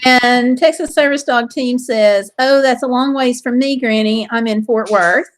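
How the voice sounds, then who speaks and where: Her voice a little high and her pace measured, a woman hosts an informal live stream. She chats in a bubbly way, reading viewers' comments aloud with exclamations and laughs.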